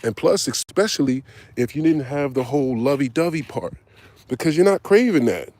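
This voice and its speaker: A man's voice: mid-range voice, expressive, normal speed, darkish tone. A man, telling his life story in casual talk, candid and profane, acting out the voices of people he quotes. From Harlem, New York. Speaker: podcast host.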